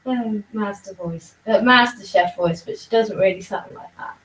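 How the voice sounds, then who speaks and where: A woman co-hosting a casual podcast, speaking with enthusiasm and filling her pauses with lots of ums. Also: medium pitch, fairly bright tone. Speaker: podcast co-host. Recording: roomy echo, far from mic.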